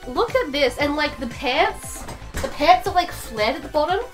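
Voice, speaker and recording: Brief: woman live-streamer, slightly high voice, chatty and easily distracted, faint music under. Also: animated, normal speed. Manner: chatty, easily distracted, rambling with fillers and restarts. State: out of breath. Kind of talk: casual live-stream chat.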